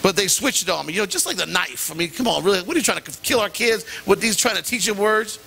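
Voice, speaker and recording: A middle-aged male pastor preaching a sermon and telling animated, self-deprecating stories with sudden jumps in pitch. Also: quick pace, creaky, a little hiss or hum. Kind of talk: sermon with personal anecdote. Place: church sanctuary.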